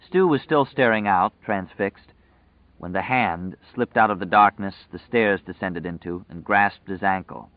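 Male audiobook narrator, measured and dramatic, low voice, tinny phone-like sound. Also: no room sound.

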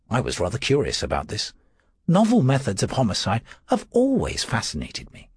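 A man's voice: fairly low pitch, huge pitch swings, moderate pace, darkish tone, husky, dry recording. A man narrating an audiobook with a dry, wry manner.

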